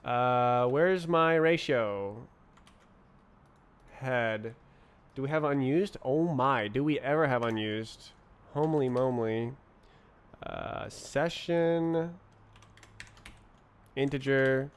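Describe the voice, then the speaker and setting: Slow, muttering man thinking aloud. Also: medium pitch, clean tone. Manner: mutters to himself, playful nonsense words. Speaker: streamer coding live. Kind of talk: thinking aloud while programming.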